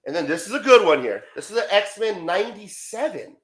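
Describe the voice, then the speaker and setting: Man, high bright voice, excitable, swears, casual stream chat, video call. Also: a little fast. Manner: loose, excitable, swears often. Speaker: co-host showing comic books.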